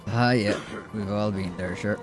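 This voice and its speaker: A man's voice: on the low side, fairly even intonation, unhurried, over music. A man with an Irish accent giving casual, rambling let's-play commentary with hesitations. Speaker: gaming streamer.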